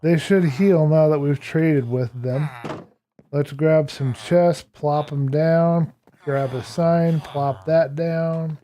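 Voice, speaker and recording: A man gives relaxed gameplay commentary in an unhurried, drawn-out way, his voice dark and mellow yet pitched a little high. He talks to the characters on screen and to his viewers and chuckles often. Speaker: streamer.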